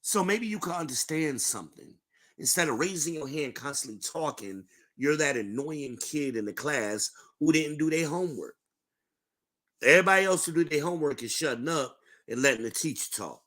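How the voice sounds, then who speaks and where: Podcast host, man, middle-aged; slow, lecturing delivery, bright tone. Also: a little high, expressive. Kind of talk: live-streamed podcast monologue.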